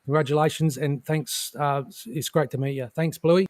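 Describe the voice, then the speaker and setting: A man's voice: fairly even intonation, moderate pace, a little mellow, dry recording. Rambling man, dry close sound. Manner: rambling, repeats words, drops his voice low. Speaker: guest on a crypto stream. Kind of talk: casual chat.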